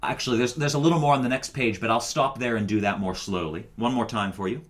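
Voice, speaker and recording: A man's voice: medium pitch, fast. A man recording a choir rehearsal lesson as its director, explaining each step patiently.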